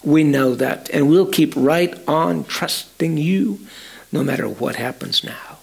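Tearful middle-aged farmer, as a male storyteller puts him on, hushed prayer, slow, gravelly. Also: a little high, exaggerated voice. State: crying.

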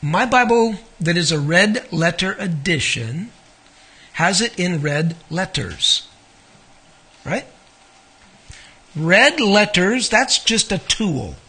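Male preacher, high pitch, bright tone, casual teaching style that quizzes the room. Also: big pitch swings, slow pace, long pauses, husky. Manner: conversational, asks the audience questions. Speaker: Bible teacher. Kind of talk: Bible study sermon.

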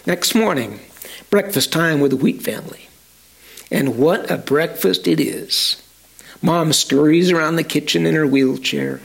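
Slow gravelly male storyteller. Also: on the high side, lively intonation. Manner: slow, dramatic, speaks to listeners directly. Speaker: storyteller preacher. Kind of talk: storytelling sermon.

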